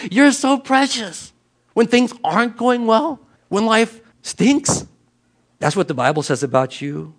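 A man preaching a sermon in an emphatic, conversational way, acting out little exchanges with people. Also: high-pitched. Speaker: pastor.

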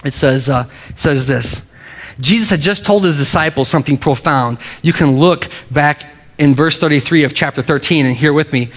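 A middle-aged man preaching a sermon as a pastor, earnest, repeating key phrases and slowing down for emphasis. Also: on the high side.

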